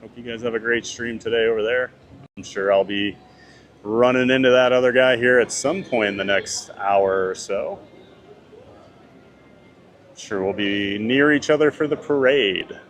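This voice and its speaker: A man's voice: medium pitch, measured pace, pauses often. A man chatting casually on a live stream, reading out viewer comments and answering them. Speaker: theme park vlogger reading live chat. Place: outdoors at a theme park.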